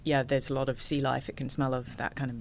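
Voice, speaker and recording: A woman, an ocean rower, telling stories as a guest in a casual interview, animated and laughing often. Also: a bass voice, fast talker, gravelly, slight background noise.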